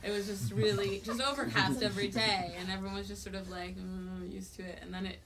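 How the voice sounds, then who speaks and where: A woman's voice: medium pitch, little pitch movement, fairly quick, a loud crowd. A young woman, a singer-songwriter, rambling and giggling between songs with lots of "like" fillers at a live show. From US Pacific Northwest. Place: live music venue. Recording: distant live recording with loud ukulele.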